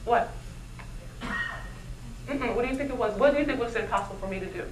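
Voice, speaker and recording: A woman giving a motivational keynote speech at a luncheon, animated and constantly asking the audience questions. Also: on the high side, fast, noisy background. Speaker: keynote speaker. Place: luncheon event hall. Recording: echoey hall, mic from far off.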